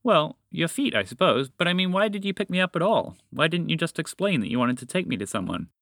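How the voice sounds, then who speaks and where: A man's voice: a little high, big pitch swings, fairly quick, creaky, fairly bright tone, no echo, studio quality, voice pushed up, heavily acted. A man voicing a curious, polite young girl in a storybook podcast. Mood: questioning. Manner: questioning, polite.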